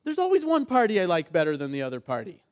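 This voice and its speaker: Lively middle-aged man teaching a workshop. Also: high voice, quick pace. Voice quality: engaging, keeps asking the audience "right?". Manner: animated storytelling, acts out quoted dialogue. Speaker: negotiation trainer and mediator. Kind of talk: conference workshop talk.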